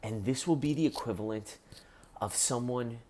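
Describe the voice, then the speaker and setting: A musician talking to camera in an earnest, heartfelt way about something that moved him. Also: male voice, mid-range voice, normal speed, darkish tone, slight background noise. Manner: earnest, heartfelt, gets choked up. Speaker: musician reviewing a documentary. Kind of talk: casual talk to camera.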